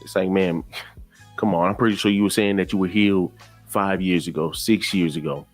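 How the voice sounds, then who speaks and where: Very deep-voiced exasperated male commentator. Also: fairly even intonation, a little fast, soft background music. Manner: exasperated, lecturing, repeats himself. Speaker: commentator reacting to a clip. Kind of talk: reaction commentary.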